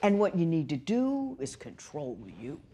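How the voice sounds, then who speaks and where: A woman presiding as a judge on a courtroom TV show, lecturing emphatically and swinging from loud to hushed. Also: low-pitched, big pitch swings, unhurried.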